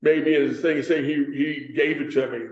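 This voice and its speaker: A middle-aged man with a Kentucky accent speaks in a fairly high voice as he gives a casual talk to a live audience. He rambles through his stories and keeps correcting himself. He sounds far from the mic in an echoey room, and the recording is dull. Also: fairly even intonation, moderate pace. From Kentucky, USA. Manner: chatty storyteller with frequent restarts and self-corrections. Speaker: author and screenwriter giving a talk.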